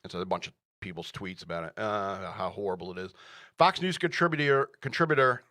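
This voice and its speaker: A man's voice: on the low side, brisk, bright, forceful tone, no room sound, clean studio sound. A man hosting a radio show, ranting through the news with sarcastic, mocking asides and frequent laughter.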